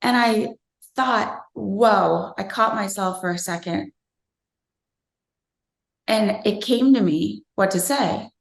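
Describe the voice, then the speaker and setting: A woman in her thirties recounts a personal moment in an unhurried, earnest and reflective way. Her voice has a gravelly, creaky edge. The sound carries a noticeable roomy echo. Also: mid-range voice. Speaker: interviewee. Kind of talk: personal storytelling.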